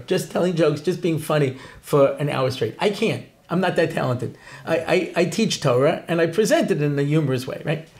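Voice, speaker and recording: A man, a rabbi and Torah teacher, telling stories in an interview with lots of jokes and laughter. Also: on the high side. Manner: joking, animated, laughs often. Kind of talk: humorous interview talk.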